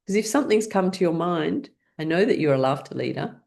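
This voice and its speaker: A woman leading a guided laughter exercise class over a video call, encouraging everyone and breaking into deliberate laughs. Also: on the low side, animated, creaky, a little mellow. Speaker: laughter yoga leader.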